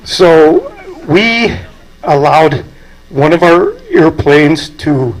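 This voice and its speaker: An older man, president of an aviation club, gives a eulogy at a memorial, telling folksy anecdotes and chuckling at them. His high-leaning voice swings hugely in pitch and moves extremely slowly. The low-quality recording has faint music behind it.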